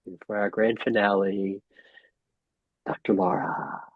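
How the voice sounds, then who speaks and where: A man facilitating a reflective group session over a video call, gently asking inviting questions. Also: on the low side, flat delivery, unhurried, no room sound, narrow, tinny audio.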